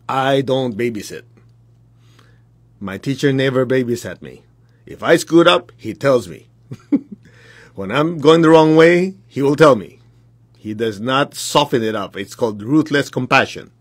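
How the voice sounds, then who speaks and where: Blunt male spiritual teacher, husky voice, dry close sound, talks straight to his followers. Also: mid-range voice, lively intonation, measured pace, long pauses, dry recording. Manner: blunt, direct, laughs between points.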